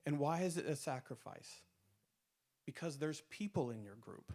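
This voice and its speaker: A man's voice: a little high, lively intonation, normal speed, a little mellow. A man preaching a sermon to small group leaders, emphatic, repeating phrases with rising force and often restarting his words. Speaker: pastor.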